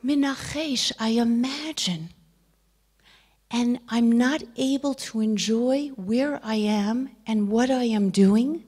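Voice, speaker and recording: A woman's voice: a little high, slow pace, dark tone. A middle-aged woman giving a Torah lecture, telling stories, acting out the dialogue and dropping to a whisper for emphasis. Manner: storytelling, acts out quoted dialogue. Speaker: speaker.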